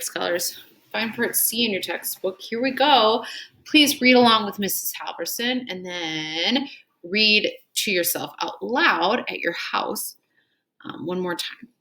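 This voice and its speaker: A woman's voice: mid-range voice, slow, bright, forceful tone, slight background noise. A woman teaching an elementary reading lesson, prompting children item by item and praising their answers, then reading a story aloud with care. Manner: call-and-response prompting, repeating "what word?" after each item; patient and encouraging, praising answers. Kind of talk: scripted reading drill and read-aloud.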